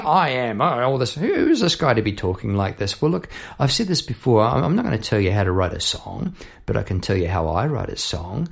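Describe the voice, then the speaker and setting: Chatty male songwriter with gravelly voice. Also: medium pitch. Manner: chatty, self-deprecating, breaks into singing lines. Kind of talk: casual songwriting lesson at the piano. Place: home at night.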